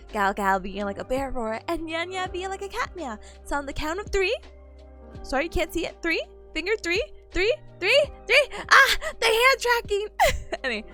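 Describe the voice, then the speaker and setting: A woman's voice: high voice, sharp tone. A young woman streaming as a VTuber, chatting playfully with her viewers, giggly and a little sniffly. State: sniffly, voice a bit worn. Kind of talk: casual chat with stream chat.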